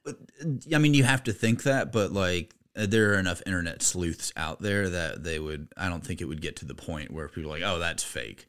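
Deep-voiced male podcast co-host. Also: fairly quick, clear, resonant tone. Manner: conversational, swears casually, voice jumps up when animated. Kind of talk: casual podcast chat.

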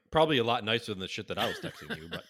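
A man's voice: medium pitch, vocal fry, fairly bright tone. A man telling a story in casual chat, rambling and profane, with many fillers and restarts.

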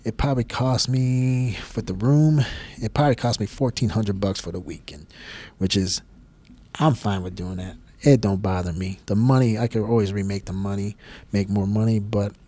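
A man's voice: on the low side, steady tone, normal speed, mellow. A man hosting a podcast, telling a personal story in a blunt, profane, casual way. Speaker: podcast host.

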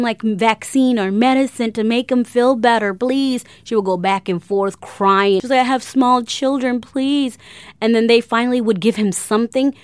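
A young woman telling a personal story, halting often with fillers and getting emotional. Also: mid-range voice, clean tone, no room sound. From grew up in a refugee camp.

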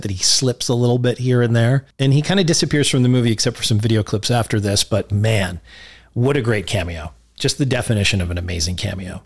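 Enthusiastic man rambling about films. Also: medium pitch. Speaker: podcast host. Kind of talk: casual film commentary.

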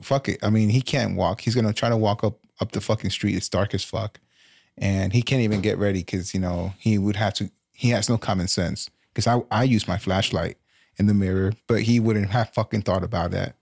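A man in his thirties co-hosting a casual podcast chat, telling profane stories with animated retellings. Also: fairly low pitch, brisk, vocal fry, no room sound, studio quality. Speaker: podcast co-host.

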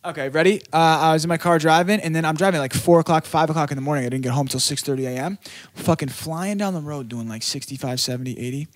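A man telling a story as a podcast guest in casual chat, animated and full of swearing. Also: a little high, fast.

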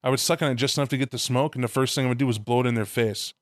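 Animated storytelling man, dry sound. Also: mid-range voice, rapid-fire, no room sound. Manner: animated storyteller, swears casually. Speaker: podcast co-host. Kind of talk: casual chat.

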